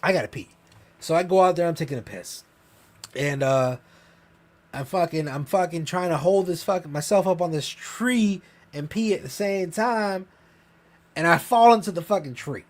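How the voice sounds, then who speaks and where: A man telling a long, profane story in casual podcast chat, rambling and animated. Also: fairly high pitch, normal speed. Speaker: podcast co-host.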